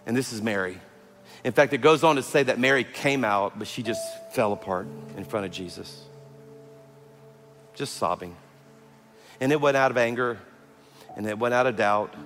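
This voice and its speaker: A man, preaching a sermon as pastor, telling stories that move from loud and animated to hushed and tender. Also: mid-range voice. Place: large church hall. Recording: long hall reverb with faint music.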